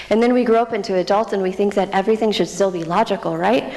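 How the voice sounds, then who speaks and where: A young woman giving a personal testimony in a church, speaking earnestly and often dropping to a hushed near-whisper. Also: mid-range voice, quick pace. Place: church sanctuary. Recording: reverberant church hall.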